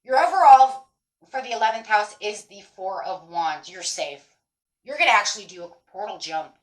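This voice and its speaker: A woman's voice: medium pitch, animated, moderate pace, fairly bright tone, poor audio. A woman giving a tarot reading in a blunt, emphatic way, swearing freely as she talks straight to her viewers. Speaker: tarot reader.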